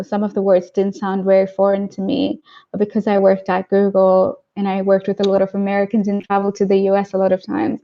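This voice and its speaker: A woman's voice: mid-range voice, dull audio. A woman guest in a casual interview, chatty, laughing often and acting out what people said. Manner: chatty, laughs often, acts out quoted voices.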